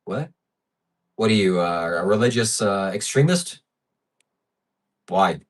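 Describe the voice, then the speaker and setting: A man's voice: low-pitched, lively intonation, slow, distant mic. Brash man on a livestream, off-mic. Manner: blunt, brash and profane. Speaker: livestream host reading viewer donations. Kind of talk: casual live-stream chat.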